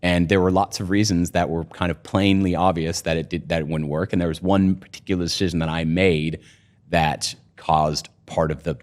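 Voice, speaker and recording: A man's voice: low-pitched, fairly even intonation, moderate pace, darkish tone. A man, a company co-founder, talking through a casual podcast interview with lots of "you know" and "right?". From United States.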